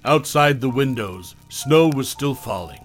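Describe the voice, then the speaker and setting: A man narrating a first-person horror story in a hushed, measured way. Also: medium pitch, lively intonation, soft background music.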